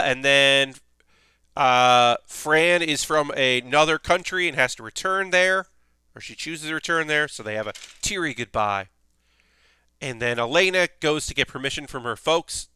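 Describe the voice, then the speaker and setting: A man's voice: mid-range voice, pushed and bright, smooth, no echo. A man hosting a stream, recapping an anime plot in a rambling, casual way with lots of fillers. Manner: rambling, filler-heavy retelling. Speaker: stream host.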